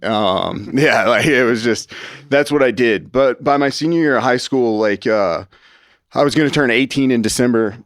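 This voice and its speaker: A man's voice: lowish voice, no echo, studio quality. Man from Texas, rambling storyteller. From Houston, Texas. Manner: rambling, peppered with "like" and "right?"; acts out quoted dialogue with shifts in tone. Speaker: podcast guest. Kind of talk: personal story in a podcast interview. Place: podcast studio.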